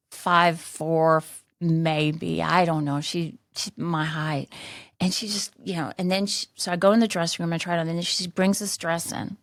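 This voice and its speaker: Low-voiced rambling woman podcaster. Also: gravelly, dry recording, studio quality. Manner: rambling, with many restarts and fillers. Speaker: podcast host. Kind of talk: candid personal storytelling.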